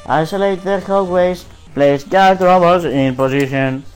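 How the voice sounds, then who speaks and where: A man voicing a beeping male security computer that gives flat, clipped announcements over faint game music. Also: high-pitched, unhurried, smooth, low-quality recording. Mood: commanding.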